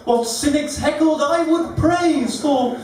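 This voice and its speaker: A man performing his own rhyming poems at a live event, with a rhythmic, deliberate and witty delivery. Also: extremely high pitch, a little mellow, recorded from a distance, a little hiss or hum. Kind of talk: rhyming poetry recitation. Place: live venue room. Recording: very echoey room, recorded from afar.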